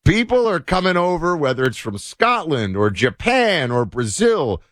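A man's voice: a little high, big pitch swings, normal speed, fairly bright tone, no room sound, studio quality. A man hosting a talk show, chatting casually with many fillers. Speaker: show host. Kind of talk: casual political commentary.

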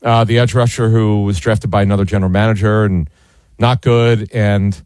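Male football analyst guest, low voice, blunt emphatic takes, dry sound. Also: flat delivery, moderate pace, a little mellow, no room sound. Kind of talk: casual sports analysis.

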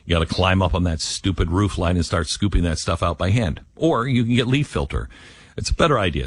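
A man's voice: fairly low pitch, husky, no room sound. A man hosting a talk radio show, giving emphatic commentary and reading ads live. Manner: animated, emphatic, drops into quoted voices.

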